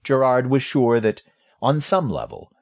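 A man reading a fantasy audiobook as narrator, expressive, voicing dialogue quietly. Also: mid-range voice, unhurried. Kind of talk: scripted narration.

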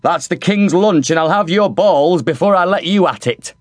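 A man voicing a big, blunt, quick-tempered woman who runs the castle kitchen, in an audiobook. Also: lowish voice, no echo, voice pushed up, natural voice. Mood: gruff. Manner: blunt, threatening.

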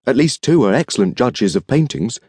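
A man's voice: medium pitch, lively intonation, a little fast, darkish tone, slightly rough, dry recording, clean studio sound. A male audiobook narrator voicing a polite, refined young dandy who works in an art shop, speaking eagerly and deferentially. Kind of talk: audiobook character reading.

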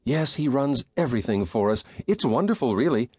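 Brief: eager, bright-voiced young woman in a western audiobook, voiced by a man, dry studio read. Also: mid-range voice, sing-song, brisk, slightly rough, no echo, voice pushed up. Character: cheerful, trusting young woman on a stagecoach. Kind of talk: audiobook character voice.

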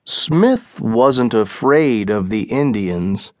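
A man narrating an audiobook in a slow, deliberate and clear way. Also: on the low side, lively intonation, darkish tone, dry recording, studio quality. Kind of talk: scripted narration.

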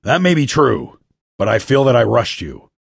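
A man voicing an older male agency boss who growls and shouts as he berates a young recruit. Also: medium pitch, sing-song, normal speed, creaky, slightly rough, no room sound, studio quality, full character voice. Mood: scolding.

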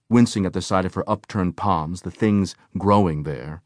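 A man narrating an audiobook in a measured, even manner. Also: low voice, no echo, studio quality. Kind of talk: scripted narration.

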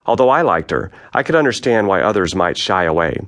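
A man with a very low voice reads his own memoir aloud for an audiobook. His storytelling is frank and matter-of-fact, with an even, unhurried delivery. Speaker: author narrating his memoir.

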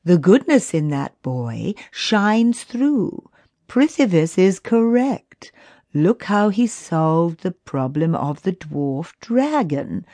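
A woman voicing a gentle, hopeful council elder who speaks earnestly. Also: on the low side, sing-song, takes it slowly, dry recording, full character voice.

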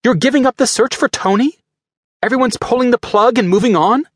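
A man's voice: on the high side, huge pitch swings, brisk, breathy edge, dry recording, studio quality, pitched above the performer's own voice, heavily acted. A man putting on an angry young woman. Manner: sharp, bitter.

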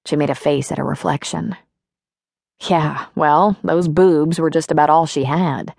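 A woman narrating an audiobook in an expressive, wry storytelling manner. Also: low-pitched, a little slow, vocal fry, dry recording, studio quality. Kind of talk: scripted narration.

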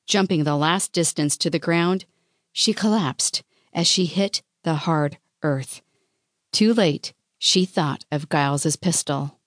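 A woman reads a novel aloud in a measured, expressive way. Her voice is lower than most and very unhurried. The recording is dry with no room sound. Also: no room sound. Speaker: audiobook narrator. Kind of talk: scripted narration of a historical romance.

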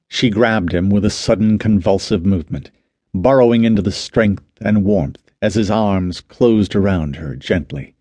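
Deep, husky male narrator. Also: normal speed, dark tone, no room sound. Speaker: audiobook narrator. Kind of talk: scripted narration.

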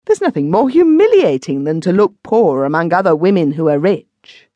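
A woman's voice: on the low side, very animated, normal speed, warm tone, dry recording, highs cut off. A woman reading as a discontented young wife.

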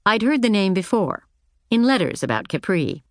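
A woman narrating an audiobook in the first person, with a measured, reflective reading. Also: mid-range voice, sing-song, no echo, clean studio sound.

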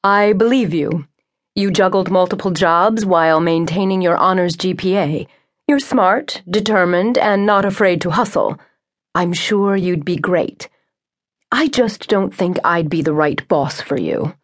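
A woman narrator playing a composed, silver-haired woman restaurateur who speaks in a calm, measured, gently firm way. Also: fairly low pitch, lightly acted.

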